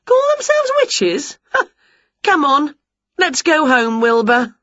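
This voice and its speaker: A woman doing a cheerful, scatterbrained witch with a squeaky high voice that swoops up on every exclamation. The sound is a bit dull and lo-fi, dry with no room around it. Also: very animated, unhurried, dry recording. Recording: dull lo-fi home recording.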